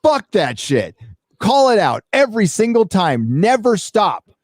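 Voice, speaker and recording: His voice sits high and sing-song, at a measured pace, as this livestream host reads donations in the middle of a profane, casual rant. He's emphatic, swears a lot and uses many fillers, and the studio-quality audio has no echo.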